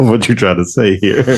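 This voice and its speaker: A man's voice: medium pitch, darkish tone, breathy edge, poor audio. A man hosting a casual podcast chat, laid-back and joking, who laughs easily and talks in casual slang. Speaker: podcast host.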